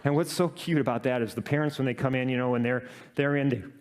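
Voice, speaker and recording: A medium-pitched male speaker tells listeners about something that happened at his work, speaking haltingly with plenty of fillers and self-mocking laughs.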